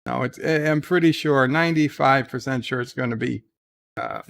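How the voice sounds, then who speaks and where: A man's voice: mid-range voice, moderate pace, creaky, a bit bright. A man hosting a casual live stream, chatting and rambling as he reads viewer comments aloud. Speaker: live-stream host reading chat.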